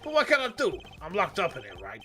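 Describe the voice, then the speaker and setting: A man voicing a tough male prison inmate boxer in a thick put-on Bronx accent, streetwise and gravelly. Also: sits high, wildly swooping pitch, over music. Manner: streetwise, growling, drawn-out.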